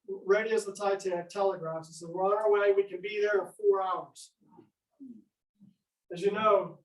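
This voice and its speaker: Man lecturing in an echoey room. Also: sits high. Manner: storytelling, acts out quoted dialogue. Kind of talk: history lecture to an audience. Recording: echoey room, speaker far from mic.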